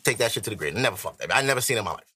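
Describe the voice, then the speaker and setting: A man's voice: fairly low pitch, animated, racing, pushed and bright, slightly rough. A man hosting a podcast, arguing his point bluntly in casual, profane chat. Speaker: podcast host.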